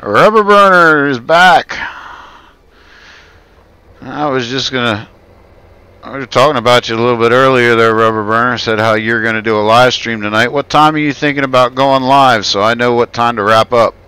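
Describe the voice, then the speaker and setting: A man's voice: medium pitch, fairly even intonation, brisk, pushed and bright, clean tone, dry recording, low-quality recording. A man from the United States hosting a livestream, chatting easily and reading the chat aloud. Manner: easygoing, friendly, reads chat aloud. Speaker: livestream host. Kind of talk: casual chat.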